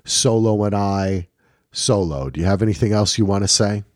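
A man's voice: fairly low pitch, moderate pace, dry recording, studio quality. A man from New Jersey co-hosting a casual TV recap podcast, rambling loosely with frequent ums. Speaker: podcast co-host.

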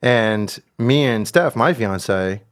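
A young man hosts a casual podcast chat with a mid-pitched voice. He tells stories in an animated way and swears freely, sliding into livelier voices for the people in them. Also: slow pace. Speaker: podcast host.

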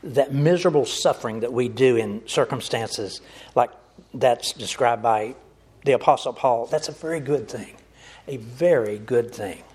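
A man delivers an earnest sermon in a husky, slightly rough voice. He speaks to his listeners directly and calls them folks. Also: medium pitch, moderate pace, darkish tone. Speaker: preacher.

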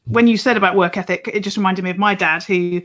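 A woman's voice: medium pitch, steady tone, quick pace, a bit bright, muffled recording. A woman in her late forties, hosting an interview, speaking reflectively and laughing easily. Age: late 40s. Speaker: interviewer, podcast host. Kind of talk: casual interview chat.

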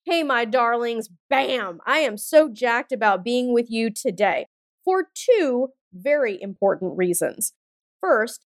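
A woman in her forties hosts a motivational podcast, speaking emphatically, bluntly, and punchily with plenty of swearing. Her voice sits a little high, and the dry studio recording has no room sound, just faint music.

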